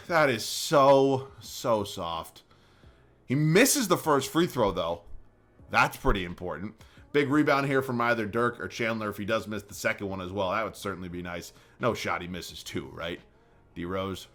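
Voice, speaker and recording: A young man giving casual commentary over a basketball video game, moving between calm play-by-play and profane rants. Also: on the low side, normal speed. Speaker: gaming YouTuber.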